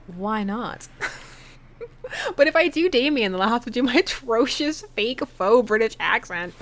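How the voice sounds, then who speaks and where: A woman's voice: a little high, lively intonation, measured pace. A woman streamer chatting casually and giggling as she plays through a dating game.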